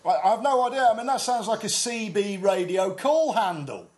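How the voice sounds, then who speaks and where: A man co-hosting casual comedy banter, in an excitable, jokey, riffing manner. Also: sits high, normal speed. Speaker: co-host.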